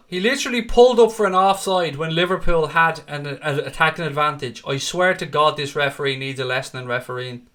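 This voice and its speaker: A man with a mid-range voice and moderate pace runs a live fan watchalong, giving play-by-play of the match. He's excitable and sweary, ranting at the referee. He also talks with viewers in the live chat.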